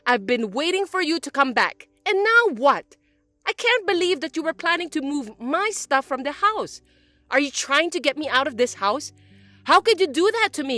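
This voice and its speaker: A woman voicing a spiteful middle-aged mother-in-law who scolds and complains loudly in an animated text story. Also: high-pitched, dry recording. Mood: scolding. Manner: accusing, loud, whiny.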